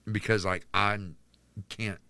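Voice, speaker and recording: A man from North Carolina telling a candid personal story as a podcast guest, halting with restarts and fillers. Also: lowish voice, flat delivery, bright, forceful tone, clear, resonant tone, no echo. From North Carolina, United States.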